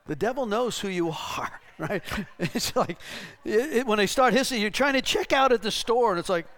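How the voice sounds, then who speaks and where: Higher-voiced pastor telling stories in a sermon. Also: male voice, expressive, moderate pace, few pauses, a bit bright. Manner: conversational, tags lines with "right?", acts out the voices in his stories. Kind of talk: sermon teaching with anecdotes. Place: church.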